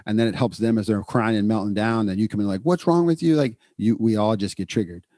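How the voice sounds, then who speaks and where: A middle-aged man co-hosting a podcast in casual, energetic chat, repeating words for emphasis. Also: on the low side, fast talker, no echo, clean studio sound. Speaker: podcast co-host, psychologist.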